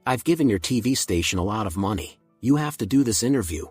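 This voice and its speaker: A man's voice: lowish voice, lively intonation, fast, slightly rough, dry recording, faint music behind. Man reading as an angry greedy mother. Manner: angry shouting. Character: shrill greedy middle-aged mother demanding money.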